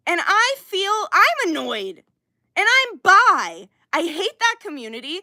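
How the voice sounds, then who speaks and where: A woman who reads cards on a live stream, ranting heatedly and yelling with plenty of swearing. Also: very high voice, sing-song, takes it slowly, dry recording, studio quality. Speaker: livestream card reader.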